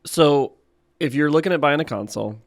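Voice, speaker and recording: A man co-hosting a podcast, casually explaining buying advice with quick asides. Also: a little high, vocal fry, no echo, studio quality. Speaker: podcast co-host. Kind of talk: casual chat.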